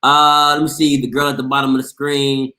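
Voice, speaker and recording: A man hosting a casual sports call-in show, playful and loud, reading the chat aloud and breaking into shouts and laughter. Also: mid-range voice, monotone, a little fast, echoey room. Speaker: sports show host taking callers.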